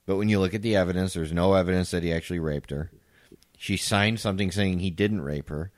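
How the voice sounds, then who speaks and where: A sardonic male podcast co-host who likes to argue the other side in crude, casual banter. His voice sits on the low side, and the sound is dry and close with no room around it. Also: steady tone, fast talker, no room sound. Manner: sardonic, plays devil's advocate.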